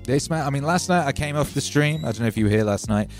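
A man's voice: medium pitch, lively intonation, fast talker, soft background music. A man hosting a livestream, telling rambling, wry stories in a casual chat from home. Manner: chatty, wry storytelling with hype openers. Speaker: livestream host.

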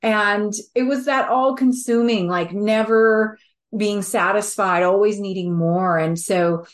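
A woman hosting a podcast, talking in a warm, earnest, reflective way and laughing easily. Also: medium pitch, a little slow. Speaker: podcast host. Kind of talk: reflective conversational chat.

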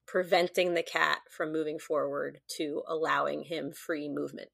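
A woman interviewing a guest, asking questions and giving many quiet affirmations. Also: deep voice, flat delivery, moderate pace, creaky.

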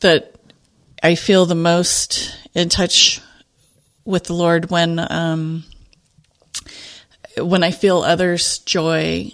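A woman's voice: on the low side, level tone, extremely slow, long pauses. A woman hosting, talking reflectively and a little scattered about her faith. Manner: reflective, searching, wandering. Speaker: host. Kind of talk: casual faith conversation.

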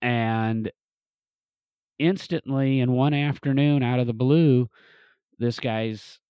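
A man's voice: mid-range voice, dry recording, lo-fi sound. A man telling a long casual story about a car restoration, rambling with frequent restarts and fillers. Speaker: museum restoration specialist, podcast guest or host.

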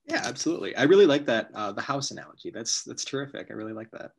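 Husky-voiced male podcast host. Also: medium pitch, sing-song, racing. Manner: brief encouraging responses. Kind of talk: conversational podcast interview.

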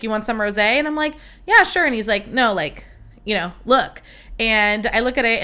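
A woman's voice: medium pitch, bright, forceful tone. A young woman hosting a podcast, telling a story in casual, gushing chat full of fillers and quoted dialogue. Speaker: podcast host.

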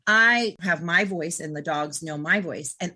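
Bright-voiced woman dog trainer. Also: on the low side, measured pace. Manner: lively, acts out commands and client voices. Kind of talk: casual conversation.

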